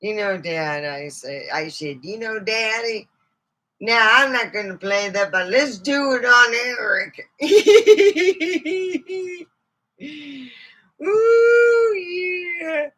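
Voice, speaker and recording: A woman's voice: on the high side, very slow, long pauses, fairly bright tone. A middle-aged woman vlogger in rambling, joking casual chat, laughing often.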